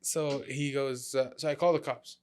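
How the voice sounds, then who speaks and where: A man telling a story as a guest on a casual podcast, lively and halting, acting out what people said. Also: mid-range voice, clear, resonant tone. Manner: animated, acts out quotes, stumbles over words.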